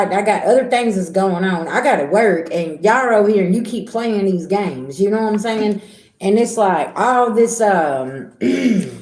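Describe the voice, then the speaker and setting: A woman's voice: medium pitch, darkish tone, roomy sound. A middle-aged woman giving a casual tarot reading, blunt and repetitive, talking straight to her viewers. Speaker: tarot reader.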